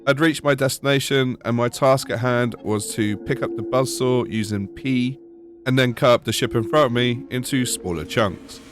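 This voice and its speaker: A man's voice: mid-range voice, normal speed, music in the background. A British man narrating a gaming video voice-over with wry, sarcastic humour. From United Kingdom. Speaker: gaming YouTuber.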